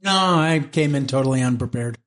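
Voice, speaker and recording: A man's voice: mid-range voice, fairly quick, fairly bright tone. A man in a casual podcast chat, understated and a little sheepish.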